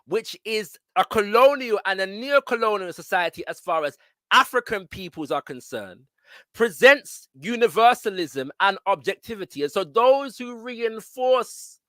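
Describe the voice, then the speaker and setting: A man's voice: high-pitched, bright, forceful tone, no echo. A man giving a lecture, reading passages from books aloud and often stopping to check in with his listeners. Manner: emphatic, checks in with listeners with frequent tag questions.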